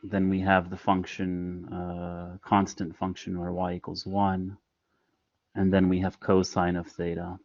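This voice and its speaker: A man's voice: low-pitched, monotone, a little slow, darkish tone, no room sound, dull audio. A man explaining a math lesson in an online class, patient and step by step with frequent fillers. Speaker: math instructor. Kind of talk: online lecture.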